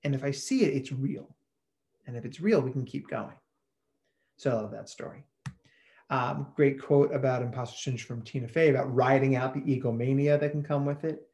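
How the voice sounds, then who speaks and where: An energetic man presents a webinar over a video call, talking in a casual and enthusiastic way. His voice sits at a middle pitch, and he often repeats words mid-sentence. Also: moderate pace. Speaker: presenter, psychologist.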